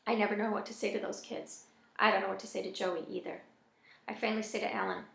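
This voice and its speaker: A woman reading a first-person novel aloud in a plain, even storytelling manner. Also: mid-range voice, fast talker, creaky. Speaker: audiobook reader. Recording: echoey room.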